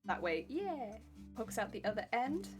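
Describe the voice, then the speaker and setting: This cosplay streamer, a young woman with a British accent, keeps up easygoing chatter while crafting late into her stream, giggling often and a touch drowsy. Her medium-pitched voice is very animated at a normal speed, and she thanks viewers by name. Clear plucked guitar plays in the background.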